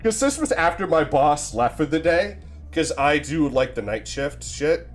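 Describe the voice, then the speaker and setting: A man's voice: a little high, big pitch swings, unhurried, soft background music. A young man streaming, telling a rambling, profane, self-deprecating story in a casual way into a desk mic.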